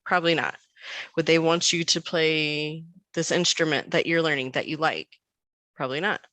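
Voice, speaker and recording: A woman in her thirties with a low voice speaks at a moderate pace as a podcast guest. In a dry recording, she chats casually about her family, animatedly acting out the dialogue she quotes.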